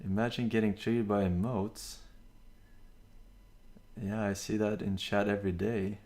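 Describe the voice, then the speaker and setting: A man's voice: on the low side, flat delivery, measured pace, darkish tone. A male streamer chatting casually during a reaction stream, rambling and restarting often as he reads out names from chat.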